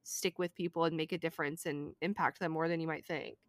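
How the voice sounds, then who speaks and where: A woman's voice: deep voice, fairly even intonation, brisk, no echo, studio quality. A woman co-hosting a podcast in casual chat, earnest and upbeat. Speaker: podcast co-host.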